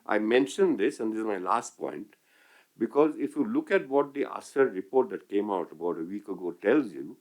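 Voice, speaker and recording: An older man with an Indian English accent speaking as an economist on a panel, measured and full of hesitations and restarts. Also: fairly low pitch, lively intonation, a little mellow. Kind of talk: panel discussion remarks.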